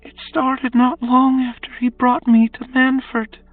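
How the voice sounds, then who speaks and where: A woman voicing a weary young captive woman, speaking in a quiet, halting confession for an audiobook, over faint music. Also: high voice, level tone. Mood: haunted. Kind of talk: audiobook character voice. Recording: distant tinny phone-like sound, faint music.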